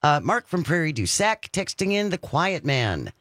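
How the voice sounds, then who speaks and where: Chatty radio host, higher-pitched man. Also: big pitch swings, fairly bright tone, dry recording, studio quality. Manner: chatty, slows down to read the phone number. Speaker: radio talk show host. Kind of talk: casual call-in radio chat.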